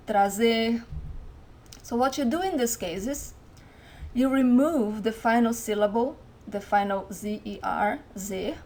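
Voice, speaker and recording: A woman teaching an online language lesson, slowing down to model each word. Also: on the high side, a little mellow. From Brazil. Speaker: Portuguese teacher. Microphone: webcam mic.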